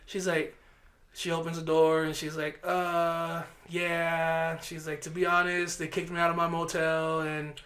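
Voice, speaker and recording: A man co-hosting a podcast, telling a profane, animated story and acting out the voices of the people in it. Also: fairly high pitch, unhurried. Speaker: podcast co-host. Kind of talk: casual storytelling chat.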